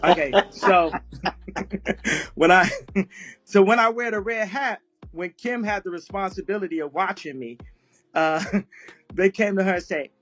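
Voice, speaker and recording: High-voiced man laughing through a story. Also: a little slow, pauses often, a bit bright. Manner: laughs constantly while telling a story. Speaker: guest speaker on an audio chat room. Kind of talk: casual live chat storytelling.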